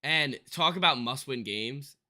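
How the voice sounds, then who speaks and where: A young man co-hosting a casual sports podcast, excitable and quick to jump in and agree. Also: medium pitch. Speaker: podcast co-host.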